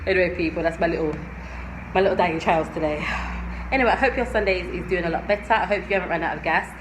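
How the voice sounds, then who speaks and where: Woman venting in her kitchen vlog, kinda low voice, lots of noise behind. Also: quick pace. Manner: chatty, ranting, exasperated. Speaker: vlogger. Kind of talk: casual vlog chat. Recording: noisy home recording.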